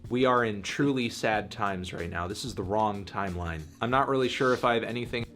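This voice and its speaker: A man giving a music review in a dry, sarcastic, deadpan manner. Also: on the low side, fairly quick. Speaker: music critic. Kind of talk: review commentary.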